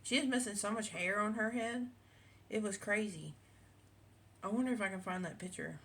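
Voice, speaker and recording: With a mid-range, slightly bright voice at normal speed, a woman rambles through a casual chat at home among her cats, using many fillers and restarts as she talks quilting. A little hiss or hum sits in the recording.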